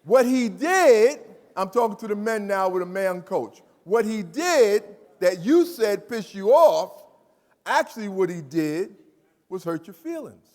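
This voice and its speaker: Man, motivational speaker, high voice, lively call-and-response delivery, long hall reverb. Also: measured pace. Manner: animated and emphatic, repeats phrases, asks the audience questions. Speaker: speaker addressing students. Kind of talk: motivational talk to a live audience. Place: large hall.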